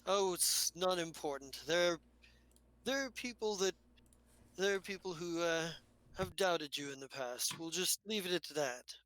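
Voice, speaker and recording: A man's voice: high voice, animated, unhurried, fairly bright tone. A man voicing a wry, teasing older male informant who talks in a drawling, folksy way.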